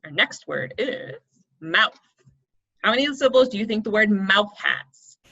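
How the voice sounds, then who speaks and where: A woman's voice: medium pitch, sing-song, normal speed, creaky, fairly bright tone, husky. A young woman coaching kids through an online poetry lesson, explaining step by step and checking in often. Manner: encouraging, explains step by step, checks in with "right?" and "okay?". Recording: dull lo-fi sound.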